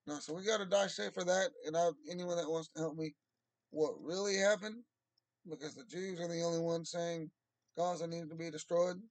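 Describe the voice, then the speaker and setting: A young man delivering a heated, rambling monologue, agitated and at times bursting into shouts. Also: sits high, steady tone, normal speed, no room sound, rough recording.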